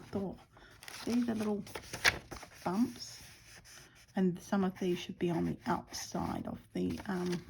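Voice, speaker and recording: A woman hosting a casual embroidery tutorial, talking softly to herself and often half-whispering as she works. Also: on the low side, gravelly, slightly rough. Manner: soft, often half-whispered self-talk while stitching; chatty and rambling with fillers. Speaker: embroidery stitch-along host.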